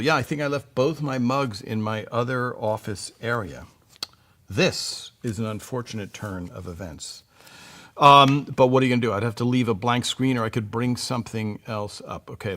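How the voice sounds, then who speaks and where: Male live-stream host, mid pitch, chatty and meandering, talks into a desk mic. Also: a bit bright. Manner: rambling, chatty, many fillers and restarts. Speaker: livestream host. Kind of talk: casual live-stream chat.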